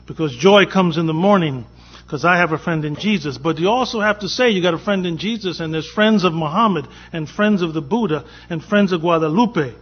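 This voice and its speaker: A man speaks at a conference panel in a slightly high, husky voice, spinning a personal story and playing out each line of dialogue. The recording is dull and lo-fi, like an old conference tape. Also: a little fast, few pauses. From from Boston. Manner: anecdotal, acts out dialogue in quotes.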